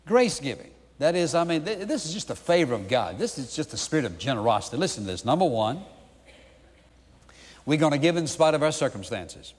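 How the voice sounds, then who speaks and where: A man's voice: a little high, long reverb tail. A man preaching a sermon, emphatic, with repeated rhetorical questions. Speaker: pastor.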